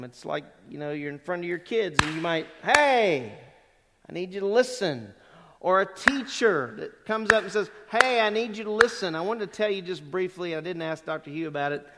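A middle-aged man delivers a sermon in a church sanctuary, his fairly high voice ringing through a long hall reverb. He keeps a chatty, conversational tone and then leans hard on key words for emphasis. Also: a little fast, very noisy. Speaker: pastor.

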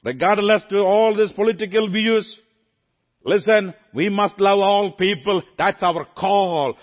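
High-voiced emphatic preacher man. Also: measured pace, highs cut off. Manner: emphatic, repetitive, swings from soft to loud. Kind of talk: sermon.

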